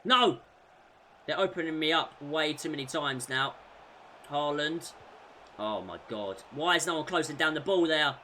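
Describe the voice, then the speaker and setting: A man commentating on his own football video game career mode, shouting at goals and groaning at defensive mistakes. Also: a little high, unhurried, a little hiss or hum. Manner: excitable, shouts at big moments, groans at mistakes. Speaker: gaming YouTuber.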